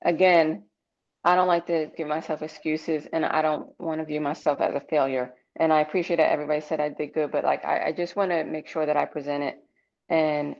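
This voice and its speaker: A woman's voice: deep voice, level tone, fairly quick, a little mellow. A woman, a new real estate agent in training, speaking earnestly and with determination on a group video call. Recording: dull lo-fi call audio.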